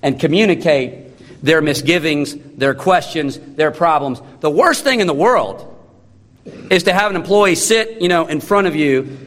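Emphatic man preaching in a reverberant hall. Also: a bit bright. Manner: emphatic preaching with sudden drops to a low, slow, solemn tone. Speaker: pastor. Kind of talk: sermon. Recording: long reverb of a large hall.

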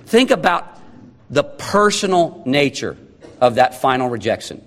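A man's voice: fairly high pitch, very animated, a little slow, a bit bright, long reverb tail. A man preaching a sermon, emphatic and full of rhetorical questions. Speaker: pastor.

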